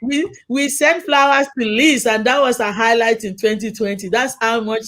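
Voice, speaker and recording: A middle-aged woman hosting a casual chat, telling stories in a lively way, acting out quoted lines and laughing often. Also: a little high, normal speed. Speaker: host.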